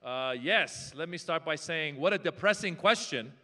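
A man's voice: fairly high pitch, animated, moderate pace, bright, forceful tone. A man doing a stand-up comedy set on stage, chatty and loose, teasing the crowd. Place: large hall on stage. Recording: long hall reverb.

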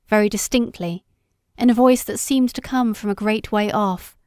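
Woman narrating an audiobook, measured. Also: medium pitch, a little mellow, no room sound, clean studio sound. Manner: measured, unhurried storytelling. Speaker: audiobook reader. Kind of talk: scripted narration.

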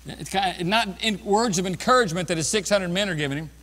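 A man preaching a sermon as pastor, swinging from loud bursts down to quiet, low passages. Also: quick pace, long reverb tail. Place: church sanctuary.

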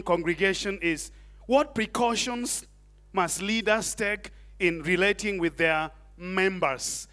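Pastor man preaching, high bright voice, lively, keeps asking the church stuff. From Kenya. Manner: animated preaching with Swahili asides and audience questions. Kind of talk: sermon.

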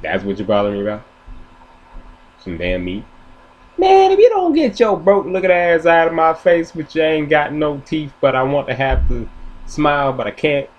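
A man's voice: deep voice, little pitch movement, brisk, long pauses, muffled recording, close to an everyday voice. A man voicing a hungry, brash male talking dog who talks in street slang and makes boastful threats. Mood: threatening.

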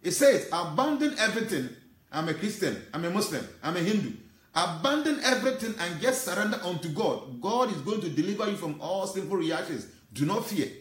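A man's voice: high voice, big pitch swings, brisk, fairly bright tone, roomy sound. A man preaching an earnest, emotional sermon, reciting Sanskrit verses and explaining them. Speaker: spiritual teacher.

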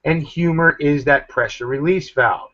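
A man hosting a casual online talk show, rambling loosely and giving shout-outs to listeners. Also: on the high side, a little slow. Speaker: podcast host. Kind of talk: casual chat. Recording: dull lo-fi sound.

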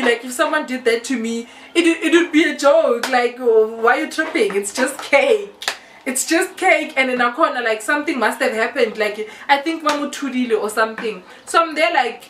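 Animated South African woman telling a story. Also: sits high, far from the mic, a little hiss or hum. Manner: animated storytelling, mixing English with local languages. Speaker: YouTuber. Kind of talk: casual story time. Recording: echoey room, a bit off-mic.

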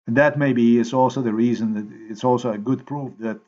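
A man talking to his viewers in a rambling, halting way while he edits a video, repeating himself and filling gaps with "you know". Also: medium pitch, steady tone, darkish tone, dull audio. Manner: repetitive, halting, thinks aloud with many fillers. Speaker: video maker.

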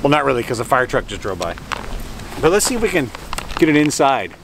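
A man's voice: mid-range voice, very animated, fairly quick. A man rambling casually through a food review with jokey asides, sitting outdoors by the water and filming on a hand-held camera. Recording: outdoor traffic and vehicle noise.

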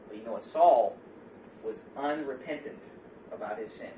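A man preaching a fervent sermon as pastor, swinging from quiet passages to loud shouts. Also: medium pitch, moderate pace, long pauses, a little hiss or hum. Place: church. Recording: echoey church from far off.

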